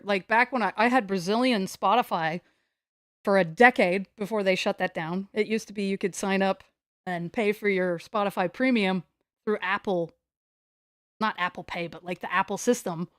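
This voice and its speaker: Chatting casually on a home livestream from her spot on the floor, an American woman rambles, plays around, and mocks herself. Her voice is medium-pitched, and the recording is dry and studio quality.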